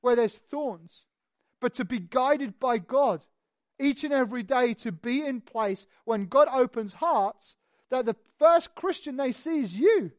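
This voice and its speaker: A preacher delivers a sermon, telling the story in an animated, conversational way full of lively asides. The voice sits high and moves a little slowly, with a studio-quality recording and no echo.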